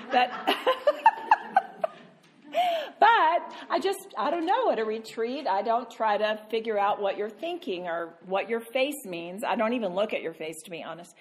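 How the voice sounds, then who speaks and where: A woman Christian speaker telling a self-mocking story, animated and laughing often. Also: medium pitch, a little hiss or hum. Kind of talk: storytelling talk.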